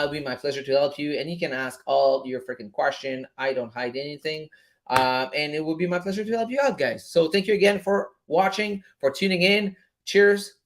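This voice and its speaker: A man hosting a casual live stream on trading, laid-back and slangy, swearing often and filling pauses with "um". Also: a little high. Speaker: forex trading streamer host.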